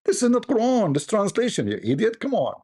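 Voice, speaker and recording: A man doing a shrill mocking commenter. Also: wildly swooping pitch, a little fast, a little mellow, husky, exaggerated voice. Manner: shrill, scornful, exaggerated. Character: mocking impression of angry male commenters.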